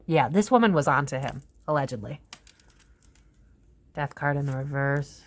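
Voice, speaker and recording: A woman's voice: extremely low pitch, lively intonation, moderate pace, long pauses. A woman giving a casual psychic tarot reading, rambling and swearing freely, with frequent laughs. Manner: profane, rambling, laughs often.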